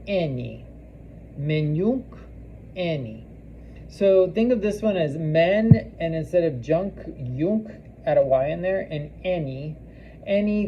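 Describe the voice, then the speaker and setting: Slow, mellow-voiced man teaching a lesson. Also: on the high side, lo-fi sound, slight background noise. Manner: halting, many ums and restarts; repeats foreign phrases slowly for practice. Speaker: language teacher. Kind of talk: recorded class lesson.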